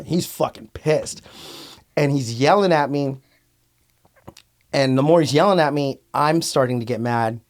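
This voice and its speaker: A man's voice: fairly high pitch, lively intonation, moderate pace. Blunt, outspoken Bay Area man. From Antioch, California. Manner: outspoken, blunt, swears freely, many fillers. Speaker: rapper and podcast guest. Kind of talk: casual storytelling interview.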